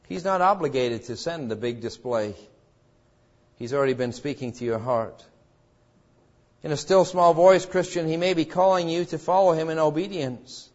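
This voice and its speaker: A man's voice: mid-range voice, darkish tone, highs cut off. A man preaching a sermon as pastor, earnest and pleading, asking his listeners direct questions.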